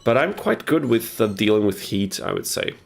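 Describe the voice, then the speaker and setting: A young man with a low, gravelly voice talks through a live game stream on a headset mic. He chats easily and answers his viewers as he plays. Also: big pitch swings, normal speed, a little hiss or hum. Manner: chatty, reads and answers chat while playing.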